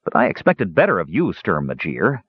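A man's voice: low-pitched, wildly swooping pitch, moderate pace, slightly rough, dry recording, dull audio, exaggerated voice. A man voicing a stern young warrior who bosses his younger brothers, sour and commanding.

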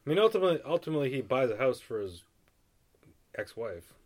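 Mild-mannered man, lively and hedging. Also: mid-range voice, fast talker. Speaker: co-host. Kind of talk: casual podcast chat.

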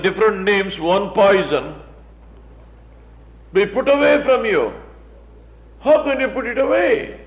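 Slow, high-voiced man preaching. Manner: repetitive, emphatic preaching with mocking asides. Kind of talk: sermon. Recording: dull, echoey room sound.

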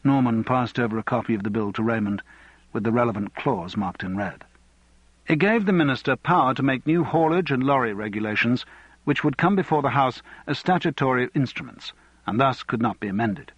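A man narrating an audiobook novel in a measured, even way. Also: mid-range voice, husky, no echo, highs cut off.

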